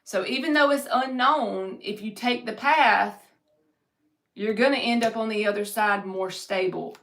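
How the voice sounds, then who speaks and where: A woman's voice: on the high side, measured pace, fairly bright tone. A woman giving a live-streamed tarot reading, reading viewers' comments aloud and answering them in an upbeat, encouraging way. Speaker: tarot reader.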